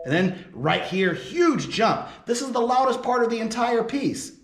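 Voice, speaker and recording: A man's voice: extremely high pitch, expressive, unhurried, loud music behind the voice. A man giving a percussion lesson, explaining audition tips and counting rhythms aloud as he demonstrates. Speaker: percussion professor. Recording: roomy with loud marimba.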